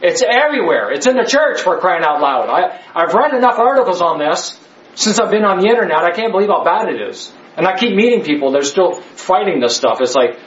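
A man's voice: high-pitched, big pitch swings, brisk, slight background noise. A man teaching a Bible study class, emphatic and joking, full of rhetorical questions. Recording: echoey, slightly dull room.

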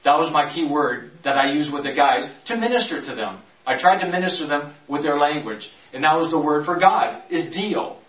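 A man teaching from the Bible in a conversational preaching style, slowly stretching key words and rushing through his asides. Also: fairly high pitch, lively intonation, fairly bright tone. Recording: roomy, distant, dull sound.

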